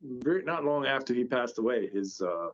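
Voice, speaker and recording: A man's voice: mid-range voice, lively intonation, normal speed. A man, a company founder, telling stories as a podcast guest in a rambling, stop-start way. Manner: rambling, with many restarts. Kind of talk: casual storytelling. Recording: dull lo-fi podcast audio.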